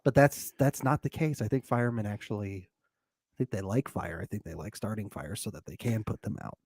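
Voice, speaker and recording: A man's voice: lowish voice, brisk, a little mellow, breathy edge, dry recording. A man co-hosting a casual recap podcast, joking and laughing often. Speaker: podcast co-host.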